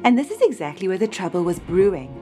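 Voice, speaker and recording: A woman telling a Bible story to a child in a gentle, expressive manner. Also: on the low side, fast talker, soft background music.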